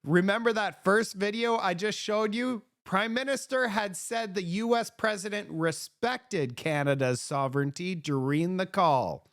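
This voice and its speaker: High-voiced sarcastic male commentator. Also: measured pace, few pauses, fairly bright tone. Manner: sarcastic, mocking, emphatic. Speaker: political commentary host. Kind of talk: opinionated political commentary.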